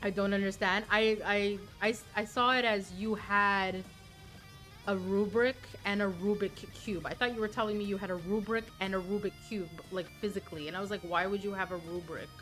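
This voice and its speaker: A woman's voice: mid-range voice, steady tone, moderate pace, fairly bright tone, soft background music. A woman streamer chatting casually and playfully with her viewers. She sounds a little tired and often repeats words as she restarts.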